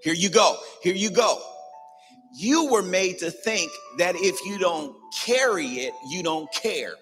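A male pastor with a fairly high voice preaches with fervor, hammering home his points by repeating phrases. His voice rings out in a large hall with a long reverb. Soft music plays underneath. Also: lively intonation, a little slow. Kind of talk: sermon. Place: church sanctuary.

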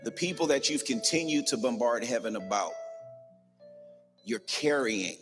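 Preaching in a church sanctuary, a male pastor speaks at medium pitch, animated yet a little slow, passionately pressing his message and repeating phrases for emphasis. Faint music plays behind him, and the large hall adds a long reverb.

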